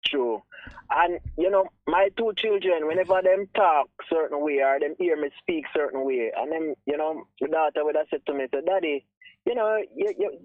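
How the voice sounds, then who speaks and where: A man's voice: fairly high pitch, steady tone, normal speed, no room sound. A man with a Jamaican accent calling into a radio show, speaking earnestly and emphatically in a mix of patois and English. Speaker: caller. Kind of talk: casual talk radio call. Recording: tinny phone line.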